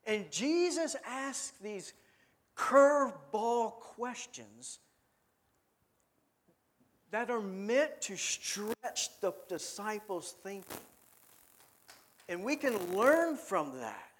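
A man's voice: sits high, very animated, slow pace. A man preaching a sermon in a conversational way, often asking his listeners questions and repeating words as he thinks aloud.

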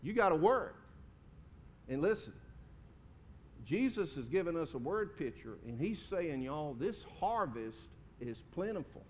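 A man's voice: very animated, unhurried. A man preaching a sermon in a folksy, conversational way, asking his congregation questions. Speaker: pastor. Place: church sanctuary. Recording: reverberant hall with faint rumble.

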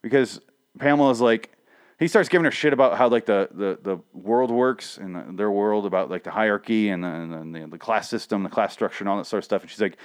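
A man's voice: deep voice, quick pace, clean tone. Young man giving a profane, rambling comic recap. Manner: profane, rambling, with frequent fillers. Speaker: comic book reviewer. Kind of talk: casual recap commentary.

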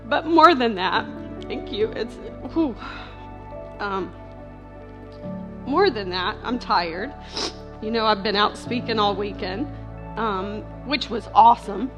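A woman's voice: medium pitch, highs cut off, music in the background. Emotional woman giving church testimony. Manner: heartfelt, halting, many fillers and restarts. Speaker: speaker sharing testimony at a church.

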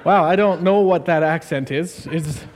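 High-voiced joking pastor. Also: male voice, normal speed. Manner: jokey and rambling, many fillers. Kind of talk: sermon with skit, casual.

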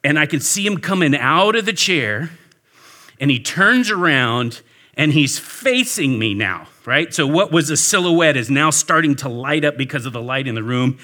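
A man, a pastor, telling a lively story to a church audience and talking back and forth with them. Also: a little high, moderate pace. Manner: animated storyteller, talks with the audience. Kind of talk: storytelling sermon. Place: warm indoor church hall with an audience.

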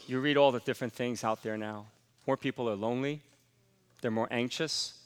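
A man preaching a sermon as pastor, emphatic and rising to forceful exhortation. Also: medium pitch, fairly even intonation, fairly quick, clear, resonant tone, long reverb tail.

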